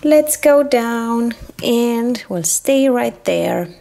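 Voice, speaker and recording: A woman's voice: fairly high pitch, lively intonation, extremely slow, creaky, warm tone. A woman narrating a children's toy play as a doll train conductor, cheerful and sing-song. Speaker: toy video host voicing a conductor doll.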